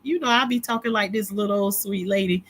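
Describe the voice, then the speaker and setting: A woman's voice: mid-range voice, fast talker, a little hiss or hum. A middle-aged woman hosting a casual livestream, rambling loosely and laughing easily as she talks straight to her viewers. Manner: frequent easy laughter. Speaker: livestream host.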